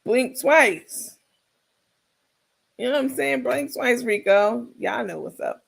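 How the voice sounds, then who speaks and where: A woman's voice: on the high side, lively intonation, slow, vocal fry, husky. A woman giving casual comedic reaction commentary, sassy and laughing, talking straight to her viewers.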